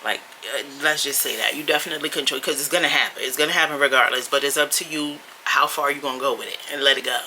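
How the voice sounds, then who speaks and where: Bright sassy woman vlogger, chatty. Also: extremely low pitch, quick pace, slight background noise, rough recording. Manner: chatty, blunt and sassy, with frequent laughs and mild swearing. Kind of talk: casual chat to camera. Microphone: camera.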